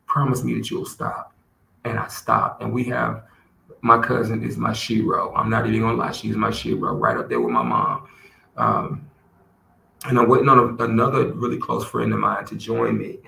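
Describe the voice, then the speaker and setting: A man hosting a podcast, speaking earnestly and emotionally in a heartfelt solo talk, often halting and restarting his sentences. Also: fairly low pitch, gravelly, bright, forceful tone. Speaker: podcast host. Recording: roomy echo with faint background noise.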